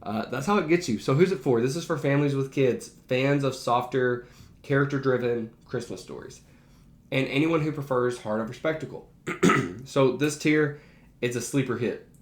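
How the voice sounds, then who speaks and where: Man, teacher, casual ranking, enthusiastic, emphatic, mid-pitched, echoey room. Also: normal speed. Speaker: teacher and behavior analyst. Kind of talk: casual movie ranking to camera. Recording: roomy echo.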